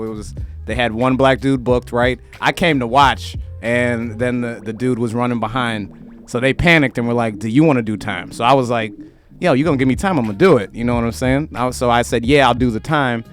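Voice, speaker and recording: A man's voice: medium pitch, fairly quick, soft background music. A man hosting a podcast, chatting casually in a laid-back, slangy way and swearing freely. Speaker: podcast host, comedian.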